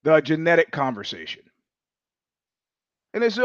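Brief: male host on a livestream, rambling storyteller, voice a bit higher than usual, dry and slightly dull audio. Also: very animated, normal speed, no echo. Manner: rambling storyteller with many restarts and quoted asides. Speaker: show host. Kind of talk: casual livestream monologue.

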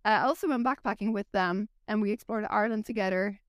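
A woman's voice: mid-range voice, quick pace, dry recording, studio quality. A Belgian woman, a native Flemish speaker, chatting frankly and casually on a podcast, with a Flemish accent and lots of "like". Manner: chatty, uses "like" a lot, frank. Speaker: guest.

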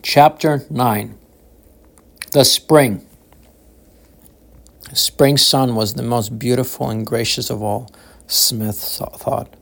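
A man reading his own novel aloud in a slow, measured, solemn audiobook narration. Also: medium pitch, fairly even intonation, vocal fry.

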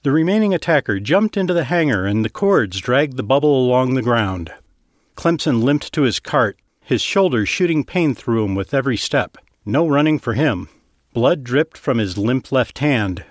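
A man reading scripted fiction narration in a steady, even storytelling manner, close to the mic. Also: mid-range voice, normal speed, no echo.

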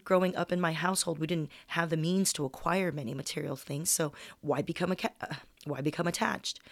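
A young woman comedian reads her own personal story aloud, candid and conversational, as if chatting with a friend. Her voice sits a little low. The recording is dry and close, with no room sound. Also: no room sound.

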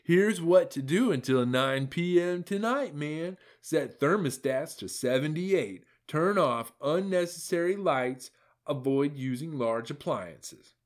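A man doing a drawn-out, preachy male governor. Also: a little high, animated, pitched above the performer's own voice. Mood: mock-earnest. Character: earnest male state governor issuing a heat-wave appeal.

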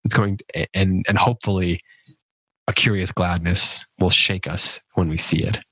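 Male podcast host, low voice, dry close sound, reflective poetry commentary with some restarts. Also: fairly even intonation, moderate pace, pushed and bright, slightly rough, dry recording, rough recording. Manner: thoughtful, musing, with frequent restarts.

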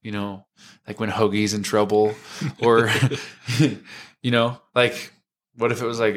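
A man in his twenties, a worship leader, giving a reflective, earnest personal testimony in a conversation, halting now and then with fillers. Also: lowish voice, flat delivery. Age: 20s. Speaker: worship leader, podcast guest.

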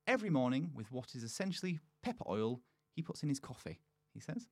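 A man's voice: mid-range voice, big pitch swings, fast, darkish tone, no echo, studio quality. A man hosting a podcast in a playful, chatty way, often laughing. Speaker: podcast host. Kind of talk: casual chat.

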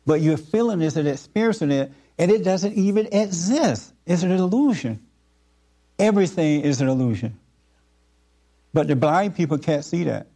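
A man giving an informal spiritual talk to a group, earnest and repetitive, with frequent halting fillers. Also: on the high side, expressive, dark tone.

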